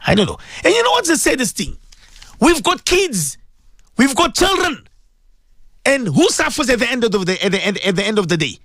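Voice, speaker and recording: A man's voice: very high voice, huge pitch swings, moderate pace, a bit bright, no echo, studio quality. A man, an Islamic scholar hosting a radio show, talking with emotion and repeating rhetorical questions to his listeners. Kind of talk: impassioned radio talk.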